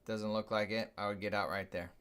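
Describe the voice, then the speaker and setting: A man's voice: lowish voice, level tone, fairly quick, a bit bright, clear, resonant tone. A man hosting a live trading stream, casually thinking aloud and explaining his moves as he watches the charts.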